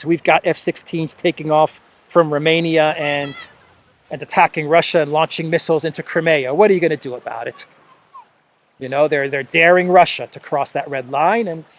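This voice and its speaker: A man's voice: a little high, a little fast. New York man, mocking commentary outdoors. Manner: animated, scoffing, laughs often. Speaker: political commentary host. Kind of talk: casual commentary vlog. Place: outdoors near the sea.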